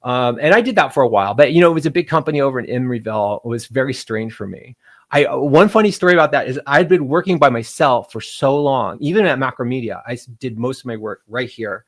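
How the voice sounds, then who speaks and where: A middle-aged man, a game developer as interview guest, telling animated stories and acting out quotes in voices. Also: medium pitch, fast. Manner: animated, acts out quotes in voices, laughs often. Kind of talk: casual storytelling interview.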